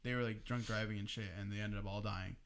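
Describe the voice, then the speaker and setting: A young man co-hosting a podcast, telling a story casually among friends in an animated way, swearing freely and laughing as he goes. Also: on the low side, fast. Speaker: podcast co-host.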